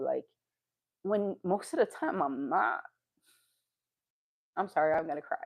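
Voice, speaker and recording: A woman's voice: medium pitch, sing-song, a little slow, long pauses. A woman vlogging to her viewers in a rambling, confessional way, sighing, laughing and swearing now and then. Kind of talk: candid casual monologue.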